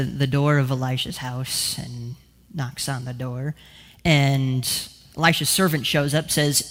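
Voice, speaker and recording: A man preaching a sermon, telling a story in a casual, animated way with many asides. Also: a little high, in a large hall. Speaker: pastor.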